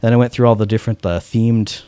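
This podcast host has a lowish, mellow, clean voice, and he speaks quickly with fairly even intonation in a room with no echo. His casual chat is enthusiastic and packed with "like," and he performs the dialogue in the stories he tells.

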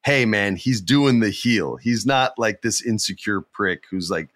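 Excited man gushing on a podcast. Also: fairly low pitch, a little slow, no room sound, clean studio sound. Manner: excitable, laughs often, fan enthusiasm. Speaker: podcast co-host. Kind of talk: casual podcast chat.

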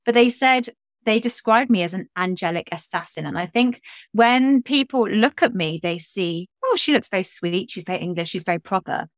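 A woman co-hosting a podcast, speaking in a reflective, measured way in casual chat. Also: mid-range voice, expressive, no echo, studio quality. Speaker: podcast co-host.

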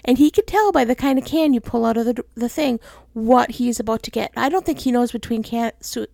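A woman's voice: fairly high pitch, fairly quick, creaky, warm tone, no room sound. A middle-aged woman hosting her own podcast, chatting casually and laughing often into a close mic. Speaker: podcast host. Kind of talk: casual solo podcast chat.

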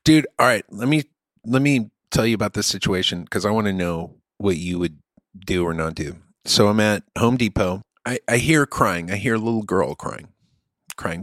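A man's voice: lowish voice, moderate pace, no room sound, clean studio sound. A man telling a story in casual chat, earnest and often restarting his sentences.

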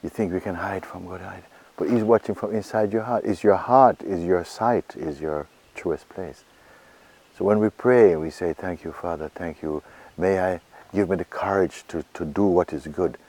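A man giving a spiritual talk to a gathering, asking questions and answering them himself and softly repeating phrases. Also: sits low, normal speed. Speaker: spiritual teacher.

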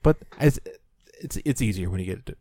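A man's voice: lowish voice, expressive, fairly quick, mellow, husky. A man in his thirties co-hosting a podcast, chatting casually and teasing his friends with jokes. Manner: joking, teasing banter. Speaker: podcast co-host. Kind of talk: casual chat.

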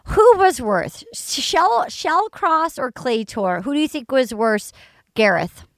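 A woman hosting casual chat in a slightly high voice, recorded close and dry. She recaps eagerly and plays out what people said. Her telling is lively and fast-moving. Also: no echo. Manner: animated recapping, acts out quotes. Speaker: podcast host.

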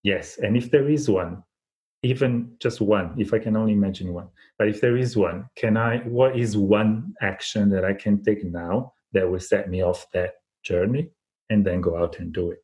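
As an interview guest, a man tells a folk parable in a thoughtful, reflective, conversational way. His voice is on the low side and darkish, at a moderate pace, with many restarts and fillers.

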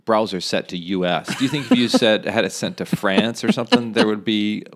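A man with a fairly low voice hosts a casual podcast, chatting easily. His talk is loose and friendly, and laughter comes often. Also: brisk. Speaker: podcast host. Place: home kitchen.

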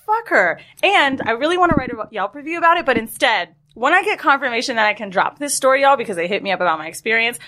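A woman's voice: on the high side, quick pace, hardly any pauses. A woman co-hosting a podcast, telling a story in a casual chat full of swearing and laughter. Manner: animated, profane, laughs while telling. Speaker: podcast co-host.

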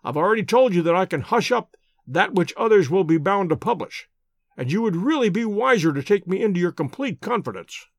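A shrewd, unflappable detective read by a man questions in measured, courteous, dryly ironic phrases. The voice is fairly high and lively, recorded dry and close. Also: dry recording, heavily acted. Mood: pressing. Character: shrewd, calm male detective, dry and wry.

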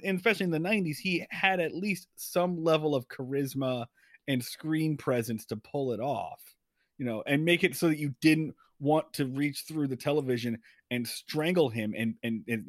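A man's voice: on the high side, fairly bright tone, no echo, studio quality. A man co-hosting a casual movie-review podcast, ranting and swearing with lots of animation. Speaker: podcast co-host.

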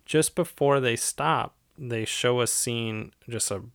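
A man co-hosting a podcast, chatting casually about a movie, animated and often laughing as he recounts scenes. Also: medium pitch, slow, smooth, no echo, studio quality. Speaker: podcast co-host. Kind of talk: casual movie-review chat.

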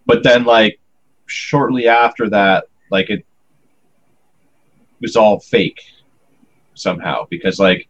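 A man's voice: fairly low pitch, slow pace, long pauses, muffled recording. A man on a podcast, talking loosely and joking as he rambles from memory. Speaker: podcast co-host. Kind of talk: casual podcast chat.

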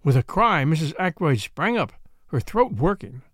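Audiobook narrator, man, lively expressive reading, dry close sound. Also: on the high side, normal speed, dry recording. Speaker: audiobook reader. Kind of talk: scripted narration.

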